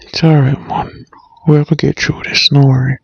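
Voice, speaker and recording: A man's voice: a little high, flat delivery, a little slow, vocal fry, husky, dry recording, muffled recording. A man with a Jamaican accent voicing a cartoon character in an easygoing, laid-back patois. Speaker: cartoon voice actor. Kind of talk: casual cartoon voice acting.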